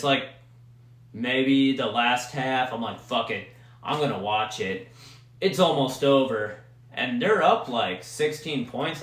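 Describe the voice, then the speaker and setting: Heated, profane young man in an echoey room. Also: medium pitch. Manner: profane, heated, excitable sports fan. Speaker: podcast host. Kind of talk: casual solo rant.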